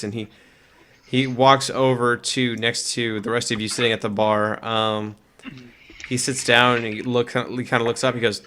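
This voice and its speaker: A man narrates a tabletop game as its game master, his voice bright and forward. He stumbles along with uhs and likes while he sets the scene. A faint hiss sits under the recording. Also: mid-range voice, level tone, normal speed. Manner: hesitant, full of uh and like.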